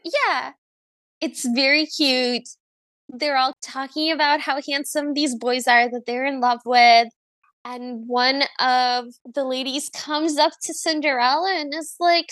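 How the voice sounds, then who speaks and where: A woman's voice: high voice, steady tone, a little slow, a bit bright, dry recording. A woman co-hosting a podcast, recapping a movie in a chatty, wry way. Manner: chatty, wry, slips into voices. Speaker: podcast co-host. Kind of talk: casual chat recapping a movie.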